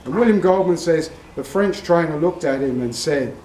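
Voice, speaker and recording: An Australian man and regular vlogger, telling a long, rambling anecdote to camera in a meandering, unhurried way. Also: a little high, lively intonation, a little mellow, slight background noise. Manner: slow, meandering storyteller. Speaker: vlogger, horse owner. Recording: roomy echo, from far off the mic.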